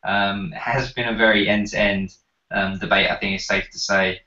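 A man's voice: on the low side, steady tone, moderate pace, sharp tone. A man hosting a debate who wraps up the show hesitantly, with many ums. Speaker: debate host. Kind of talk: show wrap-up. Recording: echoey, muffled lo-fi room.

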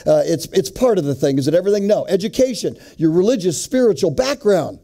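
A man's voice: high-pitched, animated, fast, dark tone. A middle-aged man giving a joking, sermon-style talk to a men's group, often putting questions to the audience. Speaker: men's ministry speaker.

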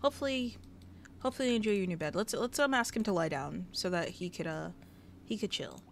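A woman giving casual, sassy Let's Play commentary, scolding the characters in her game out loud, recorded on a headset mic. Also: medium pitch, animated, quick pace, vocal fry, slight background noise. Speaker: gaming YouTuber.

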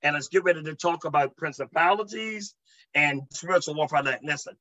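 A man's voice: on the high side, a little fast, sharp tone, muffled recording. A male preacher teaching a sermon to an online audience, emphatic and full of "amen" and calls to his listeners. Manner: emphatic, repeats "amen" and asks the audience to respond. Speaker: preacher, deliverance minister.

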